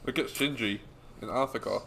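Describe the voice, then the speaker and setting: A man co-hosting a podcast, chatting casually and cracking dry, deadpan crude jokes. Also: mid-range voice, a little fast, gravelly, low-quality recording. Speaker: podcast co-host. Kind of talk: casual chat.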